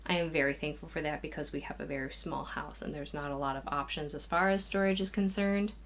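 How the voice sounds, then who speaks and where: In a small spare room used as a craft nook, a young knitting podcast host chats casually to camera, a bit out of breath and rambling with sighs and restarts. Her voice is low and steady and she talks fast. The camera mic catches her moving in and out of frame, with slight background noise.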